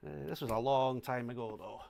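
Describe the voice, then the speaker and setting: A man's voice: medium pitch, fairly quick, vocal fry. Chatty Scottish man sorting banknotes. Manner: chatty, thinks aloud while sorting notes, sudden loud exclamations. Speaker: coin and banknote collector livestreaming. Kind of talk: casual livestream chat. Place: home flat indoors.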